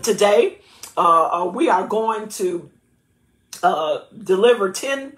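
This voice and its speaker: A woman pastor preaches in an emphatic, lively way, laughing often between her words. Her voice sits at a middling pitch, and it rings in a roomy church space. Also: slow pace. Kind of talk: sermon and prayer.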